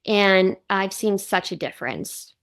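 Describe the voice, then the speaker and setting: A woman's voice: medium pitch, lively intonation, unhurried, fairly bright tone. A woman in her thirties hosting a podcast, telling a personal story in a heartfelt, reflective way. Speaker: podcast host. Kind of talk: casual podcast conversation.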